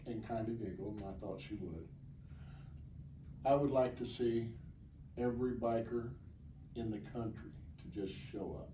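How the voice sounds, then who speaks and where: A man's voice: on the low side, moderate pace, pauses often, dark tone, distant mic. A man answering interview questions as the organizer of a charity motorcycle ride, plainspoken, earnest and rambling. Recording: echoey, off-mic, faint background noise.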